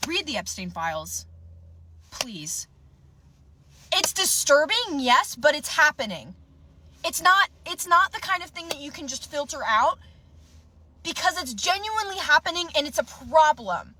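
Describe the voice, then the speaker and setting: A woman's voice: high voice, animated, normal speed, sharp tone, slight background noise. A woman giving an impassioned, agitated rant straight to camera, earnest and stumbling over her words. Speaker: content creator.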